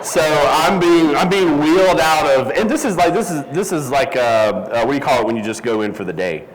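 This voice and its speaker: A man's voice: fairly high pitch, animated, brisk, long reverb tail, a crowd in the background, low-quality recording. A man telling a rambling, self-deprecating story with lots of fillers as a guest at a live event. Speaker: interview guest. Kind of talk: casual storytelling. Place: event hall.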